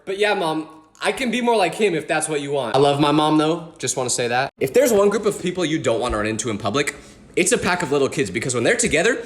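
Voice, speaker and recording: A young man telling funny stories as a comedian, animated and acting out voices. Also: on the high side, fast. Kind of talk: comedic storytelling monologue.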